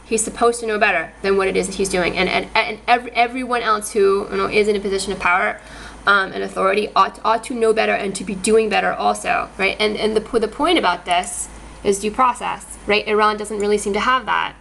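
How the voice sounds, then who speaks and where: A woman's voice: medium pitch, fairly even intonation, a little fast, vocal fry, a bit bright, a little hiss or hum, poor audio. A woman talking to her camera in a casual monologue, agitated, often repeating and restarting her words. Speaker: vlogger.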